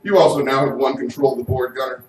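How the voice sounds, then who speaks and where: A man hosting a live game show, energetic and often shouting, recorded from a distance in an echoey room. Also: medium pitch, fast, slight background noise.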